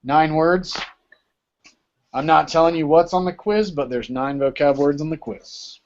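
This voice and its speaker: Male teacher, casual lecture, keeps asking "right?", slightly high voice, muffled lo-fi audio. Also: unhurried, a little mellow, slight background noise. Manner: explains with many rhetorical checks like "right?". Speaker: Greek teacher. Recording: dull lo-fi recording.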